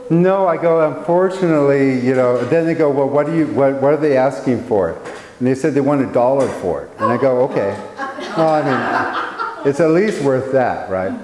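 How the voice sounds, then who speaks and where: A man's voice: medium pitch, moderate pace, a crowd in the background. A man in his sixties teaching painting to a small live audience in a casual, rambling, self-mocking way. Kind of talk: casual talk to a live class. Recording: echoey hall with faint noise.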